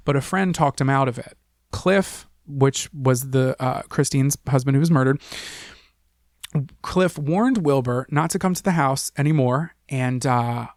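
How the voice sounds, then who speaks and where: A man's voice: fairly high pitch, no echo, studio quality. A man co-hosting a casual true-crime podcast, retelling cases in a joking, profane way. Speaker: podcast co-host.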